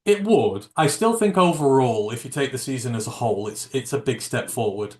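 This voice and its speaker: A man with a middle-pitched voice chats about sport on a podcast. His voice climbs when he presses a point, and the room gives it a noticeable echo. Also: lively intonation, a little fast, a little mellow. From United Kingdom. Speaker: podcast co-host. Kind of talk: casual sports chat. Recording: echoey room.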